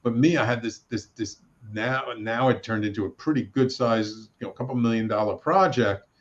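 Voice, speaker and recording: A middle-aged man, a radio network producer and host, telling his story in a casual interview, animated and acting out the voices he quotes, with many restarts. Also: mid-range voice, moderate pace. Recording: slightly dull lo-fi sound.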